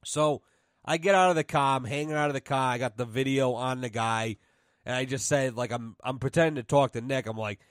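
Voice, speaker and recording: A man's voice: mid-range voice, moderate pace, a bit bright, clear, resonant tone, no room sound, studio quality. A young man from New England hosting a casual podcast, telling a road-trip story full of swearing and laughing in the middle of sentences. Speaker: podcast host.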